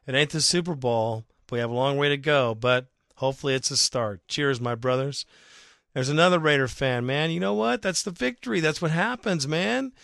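A man hosts a fan podcast in a casual, rambling monologue, excitable and quick to swear. His voice is bright and forceful but going hoarse. The sound is dry and close, with no room around it. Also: a little high, no room sound. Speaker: podcast host.

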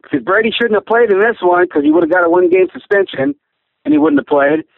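A man's voice: high-pitched, wildly swooping pitch, quick pace, vocal fry, dry recording. A man phoning in an angry, profane rant, cursing constantly. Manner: profane, furious ranting. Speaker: caller. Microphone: phone. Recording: tinny phone line.

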